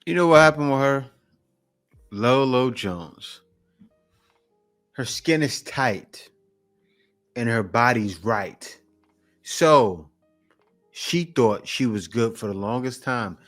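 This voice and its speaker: Animated blunt man reacting. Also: medium pitch, slow pace, pauses often, faint music behind. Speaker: reaction video host. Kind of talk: casual commentary.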